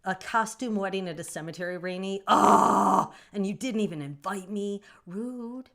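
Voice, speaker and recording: A woman with a Southern US accent, hosting her own livestream and chatting with viewers, playful and quick to laugh. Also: mid-range voice, vocal fry, fairly bright tone. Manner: chatty, bursts into laughter, playful mock scolding. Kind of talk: casual livestream chat reading comments.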